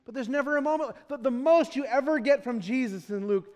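A man in his thirties preaching a sermon to his congregation, moving between soft, pleading passages and loud exclamations, and acting out quotes with put-on voices. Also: very high-pitched, brisk, hardly any pauses, in a large hall. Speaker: pastor.

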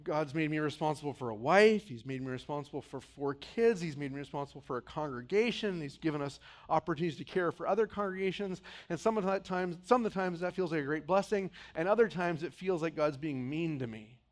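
A middle-aged male pastor preaching a sermon, acting out voices and swinging between loud outbursts and quiet, low passages. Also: a little fast, few pauses.

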